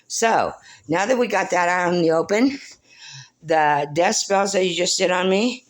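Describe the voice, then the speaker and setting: A woman's voice: lowish voice, a little slow. Rambling emotional older woman vlogger. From Portland, Oregon. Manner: emotional, preachy, swings between soft and loud; talks baby-talk to her dog. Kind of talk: rambling spiritual monologue to camera. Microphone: phone.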